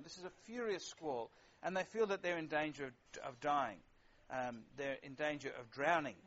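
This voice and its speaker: Man preaching, slightly high voice. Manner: conversational, wry, with frequent fillers. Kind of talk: sermon. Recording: lo-fi dull sound.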